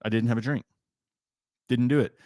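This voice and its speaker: A man hosting a podcast, chatting casually and retelling a dinner story with lively storytelling. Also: mid-range voice, a little fast, dry recording, clean studio sound. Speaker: podcast host. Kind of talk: casual chat.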